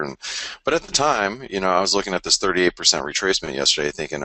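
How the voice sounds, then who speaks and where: A man's voice: very deep voice, animated, fast, bright, forceful tone, no echo. A man hosting a live forex trading webinar early in the morning, tired from waking before dawn, chatty and rambling with many fillers and repeated phrases. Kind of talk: live market analysis, casual and rambling.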